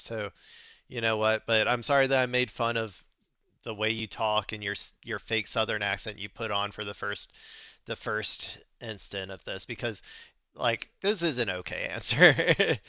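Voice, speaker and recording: A man reacting to clips with casual, profane, sarcastic commentary. His voice is smooth and resonant but slightly low. The sound is dull and lo-fi, with a narrowed band. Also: bright, forceful tone, dry recording. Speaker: political commentary streamer.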